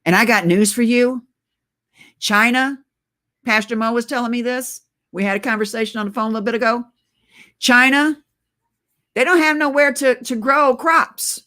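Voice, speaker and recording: Her pitch fairly high and her tone bright and forceful, this middle-aged woman speaks animatedly but unhurriedly, with long pauses. She is a political video blogger on oxygen, breathless, ranting urgently to camera and calling her viewers guys in a casual, conspiratorial way.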